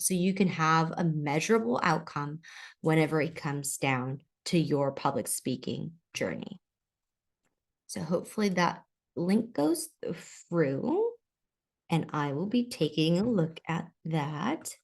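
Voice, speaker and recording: A woman's voice: on the low side, lively intonation, unhurried. A woman teaching a public speaking webinar in a chatty way, reading out questions from the chat. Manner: conversational, reads audience questions from chat.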